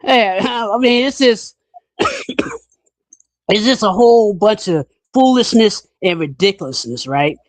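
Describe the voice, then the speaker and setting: A man hosting a casual podcast chat, talking bluntly and in an animated way, his pitch jumping up when he gets riled. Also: slow pace, pauses often, no echo. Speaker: podcast host.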